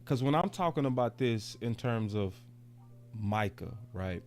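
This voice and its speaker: A man's voice: medium pitch, animated, a little slow, faint music behind. Laid-back male sports show host. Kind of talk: casual sports debate.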